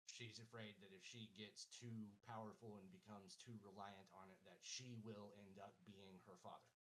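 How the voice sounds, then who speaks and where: A man's voice: fairly low pitch, fairly even intonation, normal speed, a bit bright, a little hiss or hum, low-quality recording. A male podcast host in casual book-review chat, talking in a profane, opinionated, ranting way.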